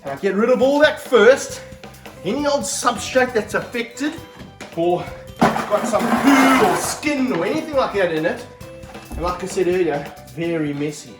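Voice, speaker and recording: An energetic man, handling and filming a snake outdoors for his vlog, exclaiming and coaching a helper. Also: a little high. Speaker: snake handler and wildlife vlogger. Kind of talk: excited hands-on wildlife vlog. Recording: roomy sound, mic held off at a distance, faint music behind.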